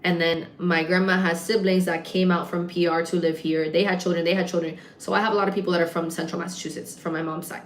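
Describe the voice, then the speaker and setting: A woman livestreaming, telling a story in a casual, animated way, swearing often and acting out the voices of other people. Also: lowish voice, quick pace, hardly any pauses, a little hiss or hum. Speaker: livestreamer and gym content creator. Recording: echoey room.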